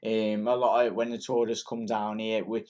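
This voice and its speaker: Excitable Scouse man rambling about football. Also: on the low side, normal speed. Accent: Liverpool (Scouse). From Liverpool. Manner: excitable and rambling, many ums and restarts. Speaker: football fan channel host. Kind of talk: casual post-match chat reading comments.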